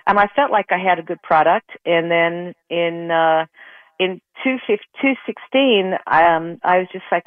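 A woman's voice: lowish voice, measured pace, dry recording. A middle-aged woman, a retired golfer telling her story as an interview guest, rambling with many restarts and getting emotional. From Australia. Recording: tinny dry phone line.

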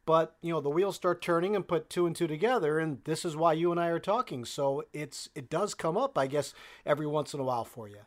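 A man hosting a podcast interview, asking relaxed, curious questions. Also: fairly high pitch, a little fast, few pauses.

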